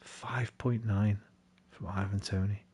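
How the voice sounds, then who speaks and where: A young man commenting on a football management game he is playing, swearing often and venting his frustration in loud bursts. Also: lowish voice, steady tone, slow pace, breathy edge. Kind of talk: casual live commentary while playing.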